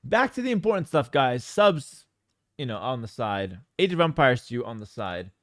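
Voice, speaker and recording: A man's voice: mid-range voice, moderate pace, no echo, studio quality. A man casting a strategy game tournament, telling a story in a casual, talkative way full of asides. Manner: animated, talkative, many fillers and asides. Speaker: game caster and streamer. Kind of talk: casual storytelling and esports commentary.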